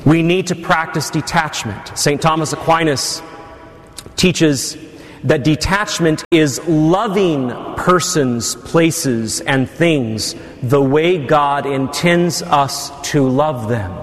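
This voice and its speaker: A man's voice: a little high, slow pace. A male priest giving a sermon to his congregation, with teasing asides. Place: church. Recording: long church reverb.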